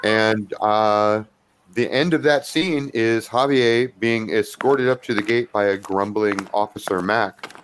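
Low-voiced man running a tabletop game. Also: a little slow, a little hiss or hum. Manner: explains rules, then narrates. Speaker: game master.

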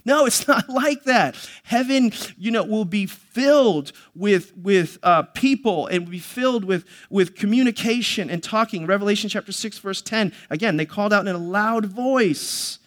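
A man's voice: sits high, lively intonation, moderate pace, hardly any pauses, fairly bright tone. A male pastor preaching a sermon, teaching earnestly with many fillers and restarts and reading scripture aloud.

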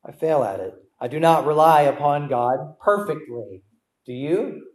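A man's voice: fairly high pitch, animated, a little slow, darkish tone, roomy sound, low-quality recording. A young adult man preaching a sermon as a guest preacher, asking the congregation rhetorical questions and repeating key words for emphasis. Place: church.

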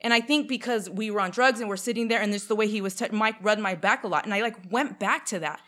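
A woman's voice: mid-range voice, fast. A young woman from Canada telling a long personal story in casual chat, with lots of fillers and acted-out quotes. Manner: animated, many fillers, acts out quotes.

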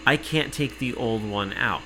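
A man telling an exasperated, profane story in casual podcast chat, cursing freely and working himself up to shouting. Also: mid-range voice, measured pace, background noise.

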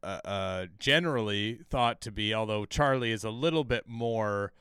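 A man's voice: fairly low pitch, normal speed, fairly bright tone, smooth, no echo, clean studio sound. A man co-hosting a podcast, recapping a TV episode in casual, profane chat full of fillers and restarts.

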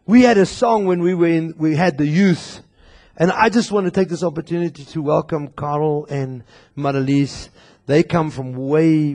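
A male pastor preaching an impassioned sermon to his congregation, at times raising his voice to a shout and talking straight to them. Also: fairly high pitch. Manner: talks directly to the congregation. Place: church.

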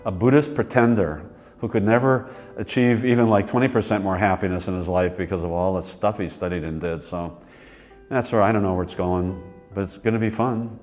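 A man in his sixties, interviewed, telling his life story in a rambling, relaxed way with many fillers. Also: low-pitched, a little fast, soft background music. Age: 60s. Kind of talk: reflective personal storytelling.

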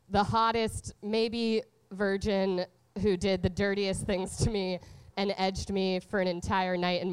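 A woman's voice: mid-range voice, clear, resonant tone, no room sound. A young woman telling a candid, profane comedy story, full of "like" fillers. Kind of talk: stand-up storytelling.

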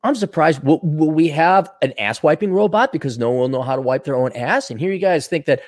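An older man hosting a podcast while sick, clearing his throat often, ranting sarcastically and profanely and reading out donor messages. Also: on the high side, lively intonation, fairly quick, few pauses, no room sound, clean studio sound. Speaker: podcast host. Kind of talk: casual ranting monologue.

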